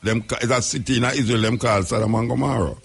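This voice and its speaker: A Jamaican man hosting a call-in radio show, firm and quick to cut callers off. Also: mid-range voice, steady tone, gravelly, slightly rough, faint music behind.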